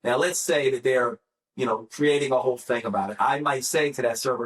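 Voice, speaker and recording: A man co-hosting a podcast, speaking at an ordinary middle pitch. He talks casually in a rambling way, with many fillers and restarts. His tone is plain and conversational. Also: brisk. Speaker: podcast co-host.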